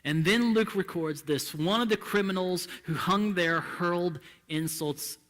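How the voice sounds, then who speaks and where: Impassioned preacher in a reverberant hall. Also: male voice, sits high, a little slow. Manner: impassioned, swings between hushed and loud. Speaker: pastor. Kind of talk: sermon.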